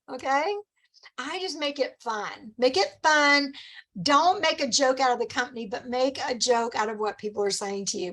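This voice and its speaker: A middle-aged woman leads a team meeting with a bright, high-pitched voice. She coaches in an upbeat, encouraging way and slips into quick acted-out customer lines. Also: poor audio. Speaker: sales director leading a team meeting. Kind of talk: motivational team meeting talk.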